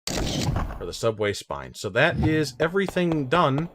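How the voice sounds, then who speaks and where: A man's voice: on the high side, big pitch swings, unhurried. A man giving casual, joking gameplay commentary as host of a let's play. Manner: joking, rambling. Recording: game sound noise underneath.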